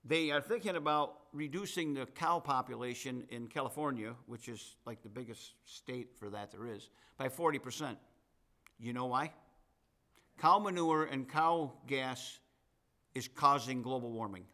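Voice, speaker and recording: A man's voice: mid-range voice, a little slow, sharp tone. A middle-aged man preaching a sermon to his congregation, mixing scripture with chatty asides and folksy humor. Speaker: pastor.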